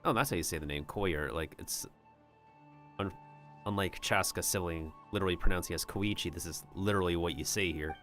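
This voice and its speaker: A man's voice: low voice, a little fast, fairly bright tone, soft background music. Rambling, jokey male game streamer. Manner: rambling and jokey, talks to his chat and slips in joke drawls. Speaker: livestreamer. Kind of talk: casual gameplay commentary.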